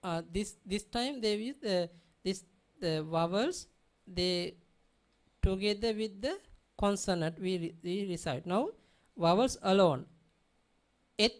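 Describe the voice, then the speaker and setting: A woman's voice: medium pitch, a little slow, a little mellow. A woman teaching a language lesson, patiently repeating example words and checking that her students understand. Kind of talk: classroom lesson.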